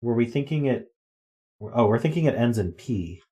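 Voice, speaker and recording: A man's voice: medium pitch, lively intonation, moderate pace, mellow. A man streaming live, chatting casually as he works through word games and thinks aloud with ums and guesses. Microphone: desk microphone.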